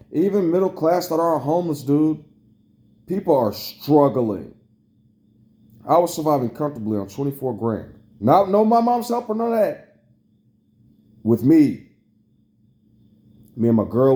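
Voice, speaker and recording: A man's voice: mid-range voice, animated, moderate pace, long pauses, dark tone. A young man, ranting to camera in a heated, profane, repetitive way. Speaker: vlogger. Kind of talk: angry rant to camera.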